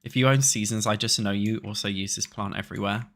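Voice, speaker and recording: A man's voice: fairly low pitch, steady tone, fast talker, a bit bright. A young British man streaming a building game, chatting casually with viewers and swearing freely. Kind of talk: casual chat while playing a building game.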